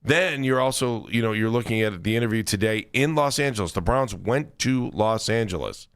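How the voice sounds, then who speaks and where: A man's voice: lowish voice, moderate pace, fairly bright tone, no echo, clean studio sound. A male sports radio host talking casually, often restarting his sentences. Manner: conversational, stammering restarts.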